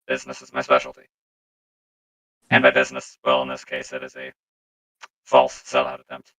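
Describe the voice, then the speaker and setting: A man's voice: rumbling low, completely flat delivery, moderate pace, pushed and bright, rough recording. A man player at a tabletop game speaking formally and schemingly in character.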